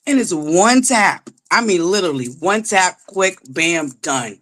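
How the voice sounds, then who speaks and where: A woman hosting a casual gossip commentary vlog, sassy and profane, scolding her viewers and swinging from low asides to loud exclamations. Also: expressive, a little slow, hardly any pauses. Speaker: commentary vlogger.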